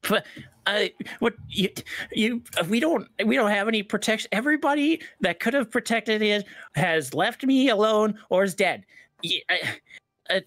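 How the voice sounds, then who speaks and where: A man's voice: high voice, expressive, moderate pace, a bit bright, no room sound, pitched above the performer's own voice. A man voicing an ancient, small male goblin town master who stammers and mutters nervously. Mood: panicked.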